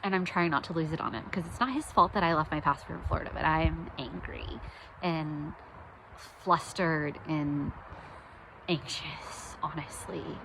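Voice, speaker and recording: A woman's voice: low-pitched, moderate pace, creaky, background noise. A young woman from the United States telling a personal story in a candid, self-deprecating way, with lots of ums. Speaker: podcast host.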